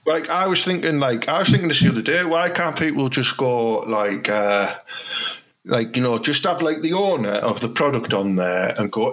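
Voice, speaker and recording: A man, co-hosting a podcast with excitable, rambling, crude comic banter. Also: mid-range voice, moderate pace. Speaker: podcast co-host.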